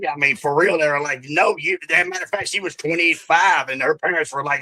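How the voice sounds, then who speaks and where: A man's voice: fairly high pitch, a little fast, few pauses, sharp tone, a little hiss or hum, low-quality recording. A middle-aged man with a Southern US accent, a guest in a casual podcast interview, talking in a rambling, profane way with many restarts.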